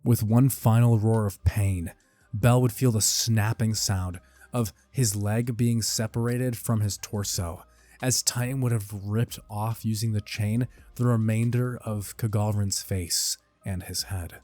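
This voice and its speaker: A man with a fairly low voice narrates an action story in a dramatic, intense way. The sound is dry and close, with faint music under the narration. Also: steady tone, a little slow, mellow, no echo. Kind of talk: dramatic fan-fiction narration.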